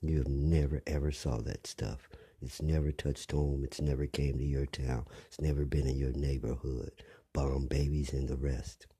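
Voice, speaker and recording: An older man delivering a blunt, rambling monologue, often dropping to a rough whisper. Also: very deep voice, flat delivery, normal speed, warm tone, dry recording. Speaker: commentator. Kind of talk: preachy monologue.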